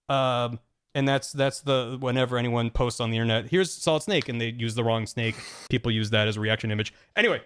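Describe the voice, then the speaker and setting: A man hosting a stream, casually recapping a story with friends, acting out the characters' lines in quick paraphrase and rambling through fillers and restarts. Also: mid-range voice, fairly bright tone. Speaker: streamer host.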